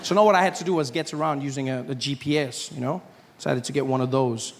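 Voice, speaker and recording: A man's voice: mid-range voice, fast talker, slight background noise. A man performing a stand-up comedy set, telling stories and acting out the people in them. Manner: animated storytelling, acts out other voices.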